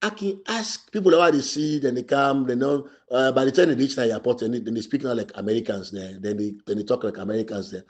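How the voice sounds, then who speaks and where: A middle-aged man from Sierra Leone speaks in a Sierra Leonean Krio English accent, his voice sitting at an ordinary middle pitch. He delivers passionate radio commentary, hammering his points by repeating them. His stressed words ring out loud before he sinks back into low murmurs. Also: quick pace, few pauses. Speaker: democracy activist commentator.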